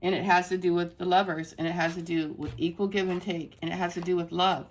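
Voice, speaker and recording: A woman's voice: lowish voice, little pitch movement, quick pace, a little hiss or hum. A woman giving a casual spiritual tarot reading to her viewers, effusive and emphatic, repeating phrases for stress. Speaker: tarot reader.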